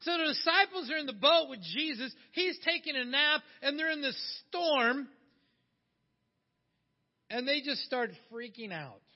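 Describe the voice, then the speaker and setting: Speaking at a measured pace, a man with an extremely high, lively voice preaches conversationally and poses questions to the audience. His sermon comes through dull and echoing with long hall reverb.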